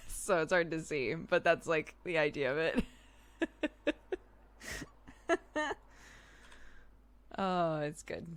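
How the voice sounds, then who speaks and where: A woman's voice: deep voice, big pitch swings, very slow, pauses often. A woman hosting a live stream in casual chat, giggly and chatty, laughing often. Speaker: streamer host.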